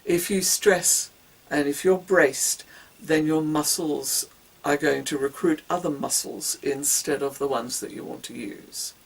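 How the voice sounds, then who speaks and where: A woman's voice: sits low, fairly even intonation, a little slow, vocal fry, slightly rough, distant mic, poor audio. A woman giving a casual singing lesson, demonstrating breathing exercises with whoops, grunts and hisses. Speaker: singing teacher.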